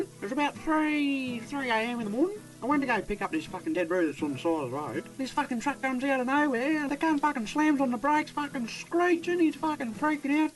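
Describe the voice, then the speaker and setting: A man voicing an excitable male bushman spinning a yarn, with an Australian accent and a rapid, swearing delivery. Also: very high voice, low-quality recording.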